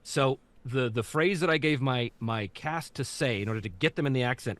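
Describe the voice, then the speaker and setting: Animated Canadian storyteller man. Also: medium pitch, moderate pace, hardly any pauses, no room sound. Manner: animated storyteller, slips into character voices. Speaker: guest, voice actor. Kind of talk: casual interview chat.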